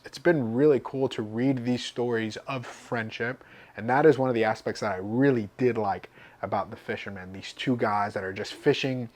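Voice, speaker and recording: A man giving an enthusiastic, chatty book review as a vlogger. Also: mid-range voice.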